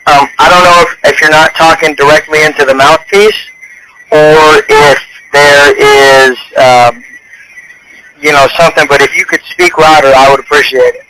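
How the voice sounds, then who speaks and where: Guy on a phone call, bright flat voice, keeps stopping and starting. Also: fairly high pitch, a little hiss or hum. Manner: halting, with many restarts. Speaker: caller. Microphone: telephone.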